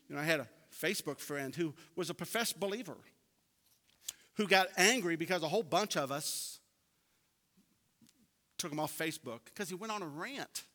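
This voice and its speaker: A man preaching a sermon in a folksy, storytelling way that swells into emphatic peaks. His voice is bright and ringing, a bit higher than most men's, and it carries a long reverb from the hall. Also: animated, normal speed, pauses often. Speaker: pastor.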